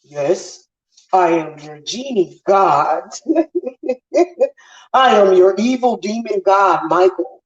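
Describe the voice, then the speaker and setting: A woman's voice: medium pitch, expressive. Woman putting on a solemn demon genie god. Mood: mock solemn. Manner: slow, solemn pronouncements. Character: slow, grand evil demon genie god. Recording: roomy, slightly dull sound.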